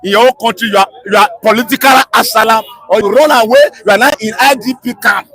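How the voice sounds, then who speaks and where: Fiery high-voiced Nigerian man. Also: fast talker, husky, dry recording, low-quality recording. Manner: fiery, often shouting, mixes pidgin, repeats himself. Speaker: interviewee. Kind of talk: impassioned street interview.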